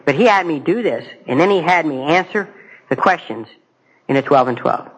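A man's voice: fairly high pitch, expressive, normal speed, a bit bright, slightly rough, low-quality recording. Self-mocking middle-aged man telling his story. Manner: direct to audience, asks questions. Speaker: speaker at a recovery meeting. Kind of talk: personal testimony talk.

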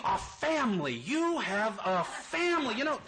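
Guy doing god as a sly haggler, high and bright, mock-sorry tone. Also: big pitch swings, measured pace, exaggerated voice. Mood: wry haggling. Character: wry bargaining male God, haggling.

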